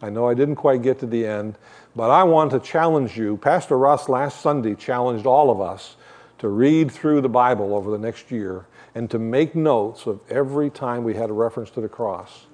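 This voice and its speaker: A man's voice: mid-range voice, moderate pace, a little mellow. An older man giving a sermon as a guest preacher, talking in a conversational way with joking asides while he shows shepherd props.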